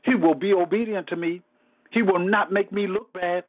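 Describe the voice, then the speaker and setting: Man, pastor, high-pitched, emphatic, repetitive, colloquial Bible study teaching, muffled lo-fi sound. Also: steady tone, normal speed. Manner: emphatic, repeats phrases, interjects praise; casual colloquial speech. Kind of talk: conversational sermon teaching. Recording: dull lo-fi recording.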